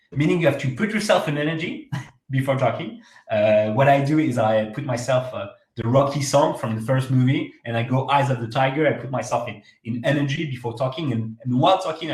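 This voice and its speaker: A man speaks English as a while running an online workshop. He talks with energy and leans hard on repeated key words. His voice sits at a middle pitch, and the room around him gives a clear echo. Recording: echoey room.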